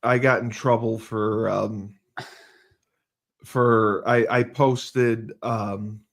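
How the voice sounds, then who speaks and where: A man's voice: lowish voice, steady tone, very slow, vocal fry. A man, a football coach hosting a casual podcast chat, talking in a rambling, teasing way with many fillers.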